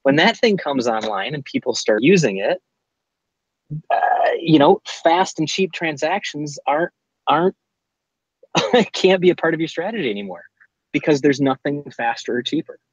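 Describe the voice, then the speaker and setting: A man's voice: fairly high pitch, lively intonation, normal speed, no room sound. A man calling in to a talk show, rambling with hesitant restarts and wry laughs. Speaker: caller. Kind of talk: casual call-in discussion over Skype. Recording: muffled internet call audio.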